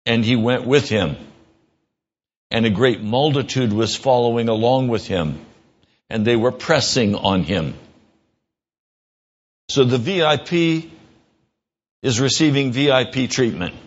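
A man preaching an earnest, emphatic radio sermon as a pastor. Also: highs cut off. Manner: earnest preaching, slow and emphatic, rising in pitch when pressing a point.

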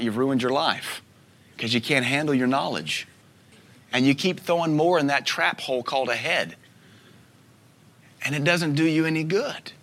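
A man in his thirties preaching a sermon as a pastor, telling stories with soft asides and sudden loud bursts. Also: medium pitch. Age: 30s.

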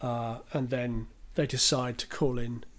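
A man's voice: mid-range voice, fairly even intonation, measured pace, fairly bright tone. A man co-hosting a podcast, recapping a film in a rambling, hesitant way full of fillers and restarts. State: clearing his throat. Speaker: podcast co-host. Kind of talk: casual film discussion.

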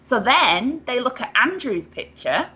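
A woman telling a story in casual chat, animated and laughing often. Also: fairly high pitch, unhurried, low-quality recording.

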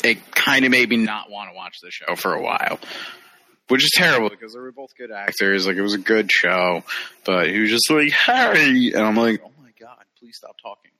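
A man co-hosting a casual pop-culture chat, opinionated and quick to laugh. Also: lowish voice, pushed and bright. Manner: opinionated, laughs often, dismissive asides. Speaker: podcast co-host.

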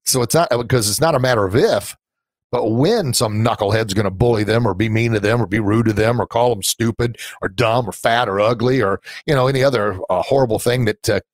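A middle-aged man hosts a live-streamed podcast in an earnest, soft-hearted way, wandering through his points with plenty of fillers. His voice sits at an ordinary pitch for a man and sounds close and dry. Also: dry recording. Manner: earnest and sentimental, rambling with fillers. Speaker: podcast host and anti-bullying coach.

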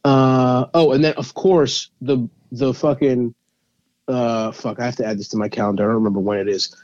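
A man's voice: medium pitch, steady tone, moderate pace, darkish tone, no echo. A man who is a stand-up comedian hosting a podcast, teasing and laughing often in casual banter. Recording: dull lo-fi sound.

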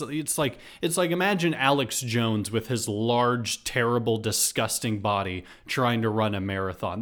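A man's voice: mid-range voice, a bit bright. A man hosting a podcast, telling a comedic story in a rambling, sarcastic way with many restarts and asides. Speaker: podcast host. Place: Houston.

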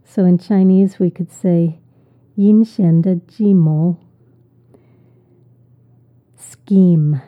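A woman's voice: on the low side, very slow, long pauses. A woman teaching English vocabulary, repeating each word and explaining it patiently. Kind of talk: slow, deliberate vocabulary lesson. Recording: tinny phone-like audio.

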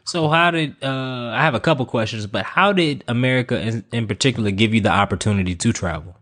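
A man's voice: mid-range voice, quick pace, a bit bright. A man hosting a podcast interview in a playful, easy-laughing casual way. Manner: playful, laughs easily, loose casual phrasing. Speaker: podcast host.

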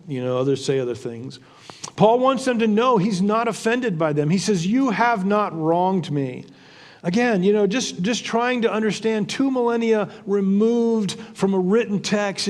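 A man with a high voice teaches from the Bible in a relaxed, conversational way, thinking aloud as he goes. He is earnest, often repeating a word or restarting a phrase. A long hall reverb trails after his words. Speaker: preacher.

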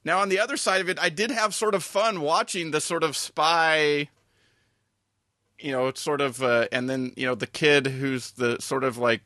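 Bright-voiced man chatting with halting restarts. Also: on the high side, fairly even intonation, no room sound, clean studio sound. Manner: halting, many fillers and restarts. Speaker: podcast co-host. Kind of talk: casual chat.

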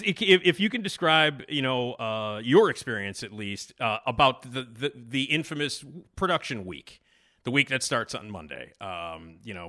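A man's voice: lowish voice, bright, forceful tone. A man hosting a podcast interview, asking enthusiastic, chatty questions. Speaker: podcast host.

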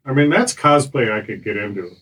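A man's voice: medium pitch, expressive, brisk, a bit bright, breathy edge, low-quality recording. A man guesting on a podcast, joking and plugging his own show in a casual chat. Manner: joking, plug-heavy, laid-back.

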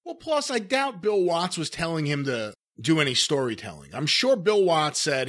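A man's voice: fairly high pitch, big pitch swings, moderate pace, fairly bright tone. A man co-hosting a podcast, talking through his analysis of old wrestling commentary in a casual way. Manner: analytical, talks things through. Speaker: podcast co-host. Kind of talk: casual conversation about old wrestling footage.

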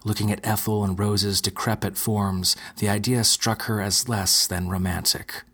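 A man narrating a dark fantasy story in a steady, measured way, with a husky voice. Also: on the low side. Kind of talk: scripted narration.

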